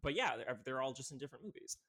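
A man guesting on a podcast, rambling through animated casual film talk full of "like". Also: medium pitch, fast, slightly rough. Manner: rambling, filler-heavy, animated.

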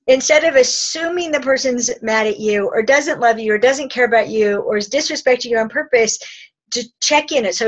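A woman's voice: on the high side, normal speed, dull audio. A woman speaking as a relationship expert guest, chatting casually, laughing often and acting out short dialogues. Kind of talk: conversational advice. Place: indoor couch talk.

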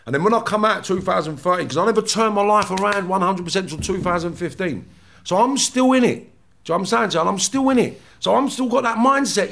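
A man with a high, wildly lively voice and a gravelly edge. He tells his story with swearing and heavy emphasis, acting out the people he quotes. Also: a little fast. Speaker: former offender, guest. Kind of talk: animated storytelling in conversation.

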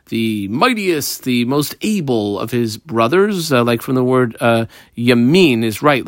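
A man leads a Talmud study class, explaining the text phrase by phrase with Hebrew terms woven into English. His voice sits at an ordinary middle pitch. The sound is dry and close, with no room around it. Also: fairly bright tone, no room sound. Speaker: Talmud teacher.

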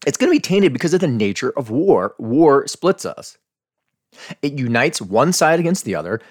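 An American man delivers a scripted podcast commentary in a mid-pitched voice. His pitch swings widely as he makes his case. He talks earnestly, building arguments and posing rhetorical questions. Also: very animated, fast talker. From United States. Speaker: podcast host.

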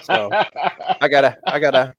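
A man co-hosting a casual fan podcast, talking fast and animated, swearing a lot and acting out quotes from the characters. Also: mid-range voice, dry recording, lo-fi sound. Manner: animated, profane, acts out quotes. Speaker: podcast co-host.

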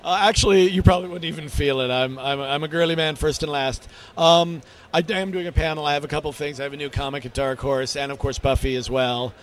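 A man answers questions at a busy convention booth, wry and self-deprecating. His voice sits slightly high. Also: steady tone, quick pace, few pauses, slight background noise. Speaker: interviewed guest writer.

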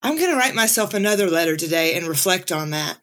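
Soft-spoken Southern woman podcast host. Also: lowish voice, expressive, quick pace. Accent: Southern American. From American South. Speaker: podcast host and life coach. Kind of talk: reflective podcast monologue.

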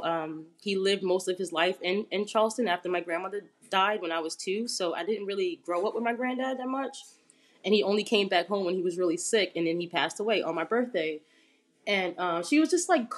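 A woman's voice: fairly low pitch, brisk. Chatty woman telling a personal story. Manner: relaxed, chatty, many fillers. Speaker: interview guest.

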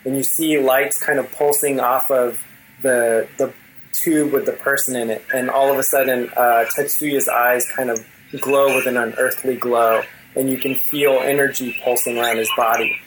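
A man's voice: medium pitch, level tone, normal speed, a bit bright, a little hiss or hum, poor audio. A man narrating a tabletop role-playing game as game master, in a loose storytelling way with many fillers.

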